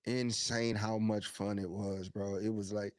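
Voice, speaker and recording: A man's voice: lowish voice, a little slow, dry recording. Hyped-up podcast guy, dry close sound. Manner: animated, hype storytelling with laughs and shout-outs. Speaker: podcast co-host. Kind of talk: casual live-stream chat.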